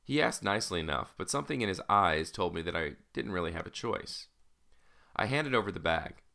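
A man's voice: deep voice, animated, fairly quick, gravelly, pushed and bright. A man narrating an audiobook in the first person, in a casual, wry storytelling manner.

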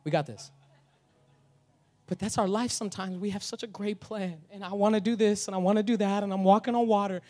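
A man with a notably high voice delivers a sermon as a pastor. He preaches casually and energetically, mixing humor and slang into his message. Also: fairly even intonation, fast talker, hardly any pauses, a little mellow.

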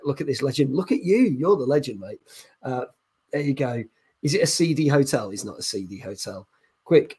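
A man's voice: mid-range voice, husky. A middle-aged man hosting a live gaming chat stream from a hotel room, keeping his voice down while greeting viewers and reading their messages. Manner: deliberately quiet, chatty, reading out chat messages. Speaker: gaming podcast host.

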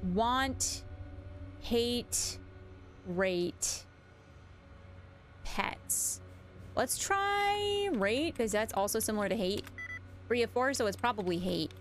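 A young woman streaming a video game, chatting with viewers in a giggly, casual way and reading notes aloud. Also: fairly high pitch. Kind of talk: casual live-stream commentary.

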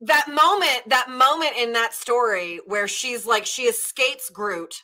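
Bright chatty woman gushing about a book, lots of likes and ums. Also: a little high, unhurried. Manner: chatty, many "like" and "um" fillers. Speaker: book club co-host; former literature teacher. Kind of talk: casual book discussion.

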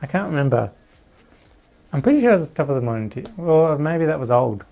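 A man chatting casually in a vlog from a small room at home, rambling in a relaxed way with fillers. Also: fairly high pitch, brisk, creaky. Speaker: YouTuber.

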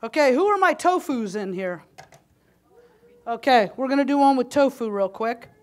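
At a moderate pace, a woman with a high, expressive voice talks through a live cooking demonstration on a conference hall kitchen stage. She keeps chatting and joking with the audience, a little out of breath.

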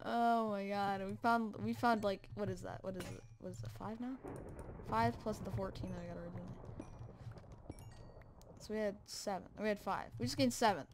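A woman hosting a survival game let's play, excitable and quick to shout and laugh at her finds. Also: mid-range voice, slight background noise. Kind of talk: gameplay commentary.

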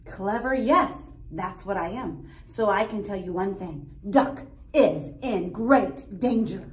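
A smug storybook owl who knows he is the cleverest, stretching each word slowly and knowingly as a woman puts him on. The pitch rides up and down in lively sweeps. The sound is roomy and a little distant. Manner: slow, drawn-out, knowing. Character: slow, self-satisfied clever male owl.

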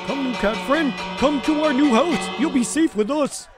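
A man's voice: extremely high pitch, a little slow, music in the background. A man playing a blunt, wary villager. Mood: curt. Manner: blunt, curt.

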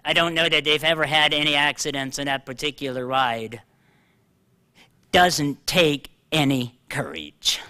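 An older man preaching a sermon, animated and joking at himself, slowing down to read scripture aloud. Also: fairly high pitch, smooth. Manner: animated, self-deprecating, reads scripture slowly. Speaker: pastor. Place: church hall.

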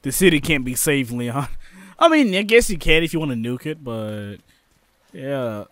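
A young man giving excitable, jokey let's play commentary, talking to his viewers. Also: medium pitch, moderate pace, dry recording. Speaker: gaming YouTuber.

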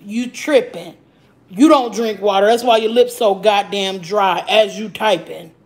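A woman hosting a live mukbang stream from home, chatting loudly and profanely while answering viewer comments. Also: medium pitch, measured pace, rough recording. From Arizona. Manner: loud, profane, animated, reading and answering chat comments. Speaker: livestream mukbang host. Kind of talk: casual live-stream chat.

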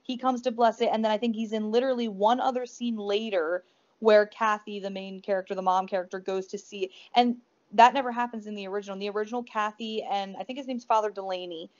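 A woman's voice: medium pitch, steady tone, quick pace, a little mellow. A woman co-hosting a podcast, chatting about a horror film in a rambling, enthusiastic way, full of fillers and restarts. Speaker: podcast co-host. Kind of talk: casual movie review chat. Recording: dull lo-fi podcast audio.

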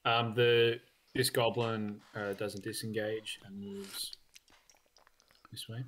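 A man's voice: on the low side, flat delivery, slow pace. A man running a tabletop game as dungeon master, casual and hesitant, with many ums. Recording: faint background noise with clicks.

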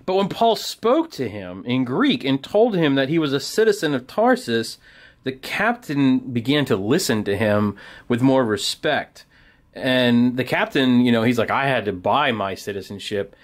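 A man teaching children a Bible story at a felt board, talking straight to the boys and girls and acting out the parts as he goes. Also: mid-range voice. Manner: animated storyteller, acts out soldiers and crowd.

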